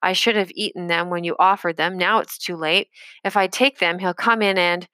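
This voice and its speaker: A woman's voice: fairly low pitch, steady tone, moderate pace, pushed and bright, no echo. A woman reading aloud, voicing a frightened, timid young boy with an anxious, subdued manner.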